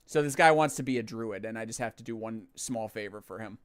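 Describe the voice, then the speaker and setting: A young man casually chatting while livestreaming a game, jokey and quick to poke fun at himself. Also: fairly low pitch, a bit bright, clear, resonant tone, dry recording, clean studio sound. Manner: self-mocking, jokey, chatty. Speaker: streamer.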